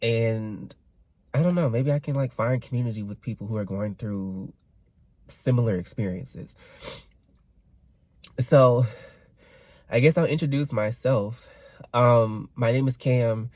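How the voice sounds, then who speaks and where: A man's voice: mid-range voice, a little slow, pauses often, dark tone, dry recording. A man in his twenties, getting over a cold, ranting candidly to camera in a casual vlog and swearing freely. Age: 20s. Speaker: vlogger.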